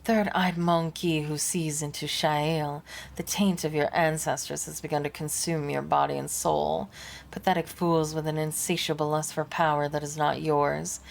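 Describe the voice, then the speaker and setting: A menacing male alien harlequin, read aloud by a woman streamer, looms over his listeners with slow, scornful grandeur. The voice sits low and gravelly, and every word drips with cold contempt. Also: level tone. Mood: contemptuous. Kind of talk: reading game dialogue aloud.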